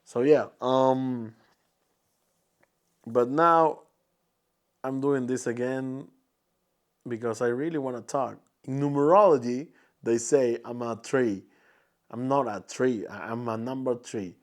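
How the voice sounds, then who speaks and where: A man's voice: medium pitch, takes it slowly, long pauses. A young man from Peru with a Peruvian Spanish accent, speaking English as a second language and hosting a casual solo podcast while searching for words with many restarts. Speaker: podcast host.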